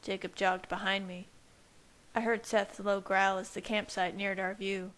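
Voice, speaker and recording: A woman reading fanfiction aloud as first-person narration in a steady, even manner. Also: mid-range voice, a little slow, low-quality recording. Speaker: fanfiction reader. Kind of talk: audiobook-style narration.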